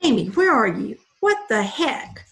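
A woman reading aloud and voicing a tall, bulky, quick-tempered older man who bellows with indignation. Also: mid-range voice, close to an everyday voice. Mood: shocked bellowing.

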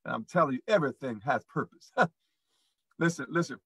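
Upbeat motivational host, bright and dry. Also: male voice, medium pitch, animated, fairly quick, husky, no echo, rough recording. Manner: preachy, repetitive encouragement, addresses audience as y'all. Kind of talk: motivational live show talk.

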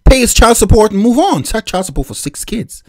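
A man's voice: sits high, big pitch swings, fairly quick, no room sound, studio quality. A man from Nigeria hosting a reaction video, giving opinionated, lecturing commentary on a clip.

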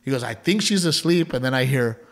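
A brisk male podcast co-host with medium pitch and lively intonation recounts a family tale. It's casual and rambling, with many restarts, repeated words and laughter along the way.

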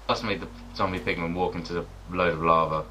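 A man playing Minecraft with friends, reacting excitedly and joking in casual voice chat. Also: low voice, slight background noise. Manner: excitable, quick reactions, laughs. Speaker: Minecraft let's play co-host.

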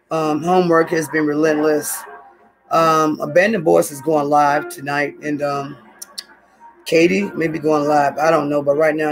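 Her voice deep and gravelly, the vlogger talks to her audience from home while it's hot out. The chat meanders from subject to subject, with y'all coming up again and again.

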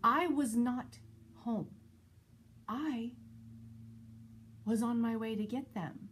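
A woman vlogger and mother telling a personal story in a casual, animated, exasperated way. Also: slow pace, slight background noise. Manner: animated, exasperated retelling with shifting pitch. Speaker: parent of school-age kids.

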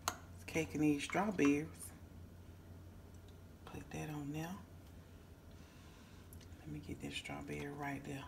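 A woman's voice: low-pitched, level tone, takes it slowly, creaky, long pauses, noisy background. A woman hosting a home cooking vlog in her kitchen, folksy and exclaiming, calling her viewers honey and baby. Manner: exclaims and hums over the food. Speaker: cooking show host.

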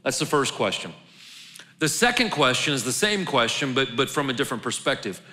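Man, pastor, casual joking sermon, bright forceful voice, long reverb of a large church hall. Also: medium pitch, lively intonation, brisk. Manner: conversational, joking, restarts words.

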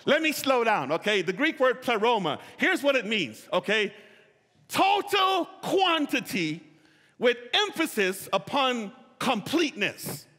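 A man's voice: high voice, sing-song, normal speed, hardly any pauses, bright, forceful tone. A male pastor preaching a sermon, calling on the congregation to repeat phrases and stretching out key words for emphasis. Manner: call-and-response preaching, drawing out key words. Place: church sanctuary. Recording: reverberant church hall. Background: long hall reverb.

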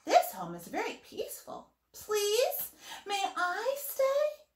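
Storybook role: a woman doing a tiny, homesick boy owl, high-pitched and politely wistful, slow and drawn out, in a roomy echo. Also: sing-song, exaggerated voice. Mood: hopeful, polite. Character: small young male owl, gentle and homesick.

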